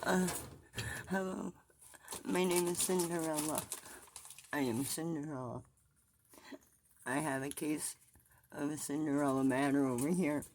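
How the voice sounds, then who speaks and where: Slow, low-voiced woman confessing on her vlog. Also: steady tone, background noise. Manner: halting, repeats herself, trails off. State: distressed. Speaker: vlogger.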